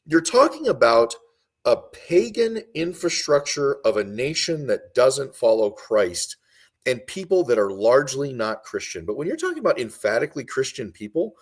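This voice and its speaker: A man with a husky, slightly rough voice argues a point on a podcast. His pitch swings widely as he drives home each claim. He often repeats short lines for emphasis. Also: very animated, normal speed. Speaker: guest commentator. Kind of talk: impassioned podcast discussion.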